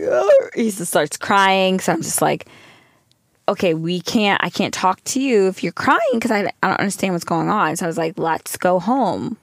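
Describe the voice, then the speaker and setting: Young mom chatting on a podcast, low gravelly voice, dry close sound, acts out her kid's lines. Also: dry recording. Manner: animated storytelling, acting out a toddler's lines. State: pregnant. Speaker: podcast co-host. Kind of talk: casual chat.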